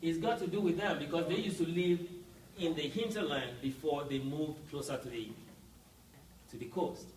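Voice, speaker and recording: A man's voice: on the high side, moderate pace, reverberant, recorded from a distance, poor audio. A man teaching a language class, explaining step by step and often checking with "right?". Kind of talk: classroom lesson.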